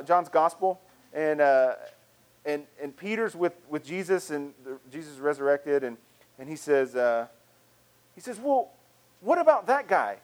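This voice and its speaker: A male pastor preaching a sermon in a church, talking in a conversational way that swings from loud to soft. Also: a little high. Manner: animated and conversational, with acted-out quotes and big swings in loudness. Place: church sanctuary.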